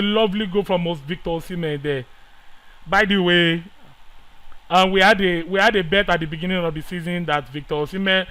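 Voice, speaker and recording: A man giving excitable live commentary over a football management game, swinging between quiet muttering and loud pleading outbursts. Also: a little high, moderate pace, rough recording. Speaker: gaming YouTuber.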